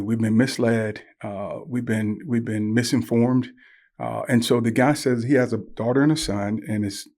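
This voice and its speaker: An older man, a guest on a podcast interview, telling animated stories and acting out the voices he quotes. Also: medium pitch. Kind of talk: conversational interview.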